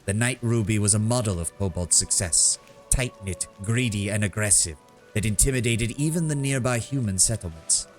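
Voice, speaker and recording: A worldly kobold bard with a teasing, knowing edge, read aloud by a man. He spins his tale in a measured, sonorous storyteller's manner, in a lowish voice with faint music playing behind. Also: close to an everyday voice. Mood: storytelling. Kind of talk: reading game dialogue aloud.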